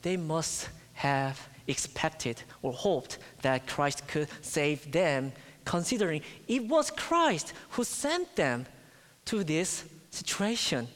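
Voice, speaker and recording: Slow, emphatic preacher man in a reverberant hall. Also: fairly high pitch, big pitch swings. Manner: emphatic, slow, swings from loud to near-whisper. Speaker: pastor. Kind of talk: sermon.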